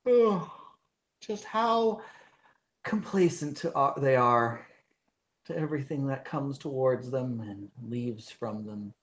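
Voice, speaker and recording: A woman voicing a languid, sleepy male trickster in a tabletop game, speaking in a soft, drawn-out musing way. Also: extremely low pitch, lively intonation, exaggerated voice.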